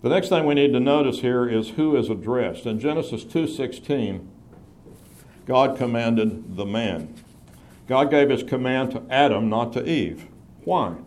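A man teaching a Bible class, explaining scripture in a measured way and stressing key phrases. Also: mid-range voice, expressive, darkish tone.

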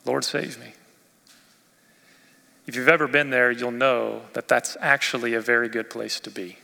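A male pastor preaching a sermon expressively, rising in force and dropping to near quiet. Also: mid-range voice, fairly even intonation, a little fast, creaky. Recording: long reverb of a church hall.

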